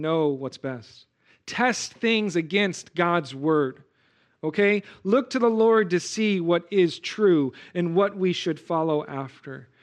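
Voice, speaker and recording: A man preaching a sermon as pastor, earnest and exhorting, rising to loud emphasis. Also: high-pitched.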